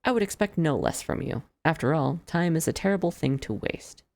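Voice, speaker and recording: A streamer reading the lines of a gently teasing young male friend from a game, in polite, formal speech. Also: mid-range voice, expressive, a little fast, vocal fry, no room sound, voice pushed up. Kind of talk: reading game dialogue aloud.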